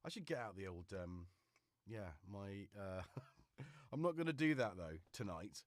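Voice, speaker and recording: A man's voice: fairly low pitch, big pitch swings, normal speed, no echo. Chatty British man with a cold. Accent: Liverpool-tinged British. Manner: chatty, rambling, self-mocking. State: full of cold. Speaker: livestream host. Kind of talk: casual live-stream chat. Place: home studio.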